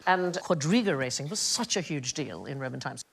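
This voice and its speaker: A woman hosting a comedy panel show, telling stories in an animated way and laughing often. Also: low-pitched, normal speed, gravelly, breathy edge. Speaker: quiz show host.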